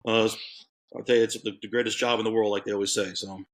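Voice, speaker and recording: A man's voice: fairly low pitch, flat delivery, quick pace. A man in his thirties from Florida, a guest telling his story in casual chat, rambling with many fillers. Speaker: podcast guest, K9 handler.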